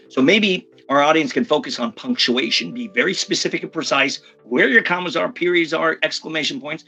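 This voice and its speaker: Energetic husky male speaking coach. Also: fairly high pitch, soft background music. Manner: energetic, emphatic, slips into quick impressions. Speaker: communication coach. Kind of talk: podcast interview.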